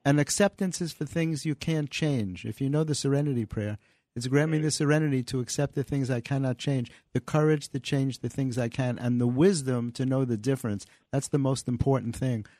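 Over a studio microphone, a man who writes comedy and books shares stories earnestly during a radio interview. His mid-range voice is mellow and brisk, and the recording is dry.

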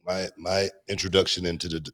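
A man's voice: sits low, flat delivery, fast, fairly bright tone. A middle-aged man hosting a podcast, telling stories in casual chat, often repeating words and laughing. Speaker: podcast host, former wrestler.

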